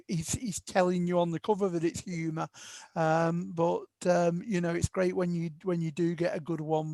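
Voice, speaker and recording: A man with a notably high voice hosts a relaxed book club conversation. He asks his guests friendly questions and tends to repeat words as he goes. The sound is close and dry. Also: no room sound. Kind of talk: casual chat.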